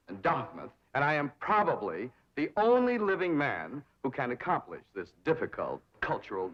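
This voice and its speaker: A man's voice: mid-range voice, a bit bright. An actor playing a pompous young society man who lectures grandly on posture and diction in a 1960s sitcom. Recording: dull 1960s TV soundtrack.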